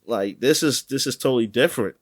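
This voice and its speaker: A man co-hosting a podcast in casual chat, rambling and animated, with many fillers and restarts. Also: mid-range voice, a little fast. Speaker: podcast co-host. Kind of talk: casual chat about sports.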